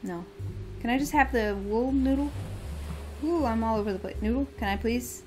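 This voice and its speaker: Casting: woman gamer, casual let's-play chatter, goofy and rambling, light higher voice. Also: moderate pace, soft background music. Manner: goofy, chatty, reads dialogue aloud. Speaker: gamer playing through a game.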